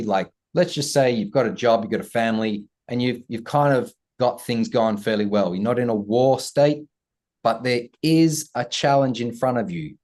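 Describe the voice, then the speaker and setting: A man with a fairly low voice talks through ideas on an interview. He sounds earnest and reflective, slipping into playful humour now and then. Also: a little mellow. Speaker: guest, self-worth coach. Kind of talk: conversational interview.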